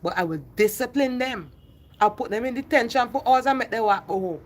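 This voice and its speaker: High-voiced woman ranting on a livestream. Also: expressive, brisk. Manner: impassioned, repetitive, addresses viewers by name. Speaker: livestream host.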